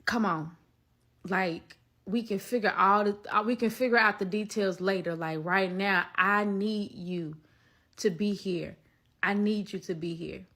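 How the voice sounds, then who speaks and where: A woman voicing her best friend, speaking softly and urgently to reassure. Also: mid-range voice, measured pace. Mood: reassuring.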